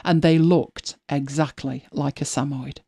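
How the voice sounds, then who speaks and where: A woman's voice: deep voice, fairly even intonation, a little slow, mellow, breathy edge. A British woman hosting a live show in casual chat, telling rambling stories with frequent restarts and self-corrections. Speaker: host.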